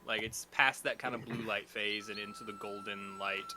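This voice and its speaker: A man's voice: lowish voice, fairly even intonation, normal speed, very noisy. A man narrating as game master of a tabletop game, laughing often as he goes.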